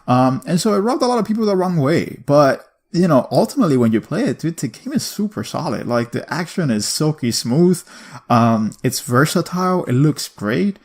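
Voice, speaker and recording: A man's voice: a little high, sing-song, darkish tone. Rambling casual male gamer. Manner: rambling, lots of "like" and "you know", quick laughter. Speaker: podcast co-host. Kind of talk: casual chat about video games.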